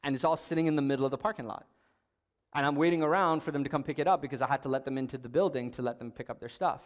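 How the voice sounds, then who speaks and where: A man's voice: mid-range voice, rapid-fire, big-room sound. A young adult man giving a sermon as a youth pastor, telling a story in a conversational way with bursts of emphasis.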